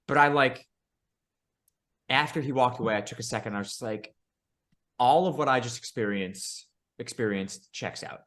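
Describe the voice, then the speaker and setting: A man's voice: medium pitch, moderate pace, long pauses, fairly bright tone. A man co-hosting a podcast, telling stories in casual chat with lots of swearing and laughter. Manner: profane, laughing storyteller. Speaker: podcast co-host.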